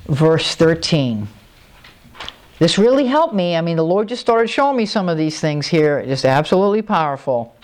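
A woman pastor preaching a confessional sermon, emotional and halting, her voice swinging high and low. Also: a little mellow. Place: church.

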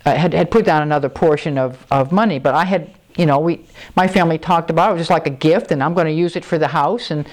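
A woman pastor preaching a confessional sermon, emotional and halting, her voice swinging high and low. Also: a little mellow. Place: church.

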